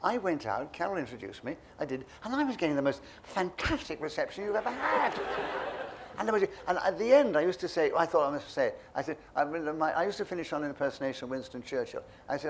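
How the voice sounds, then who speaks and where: Older man telling lively stories. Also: on the high side, fast talker, slight background noise. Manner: lively storyteller, acts out voices. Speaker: interviewee. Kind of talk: reminiscing anecdotes.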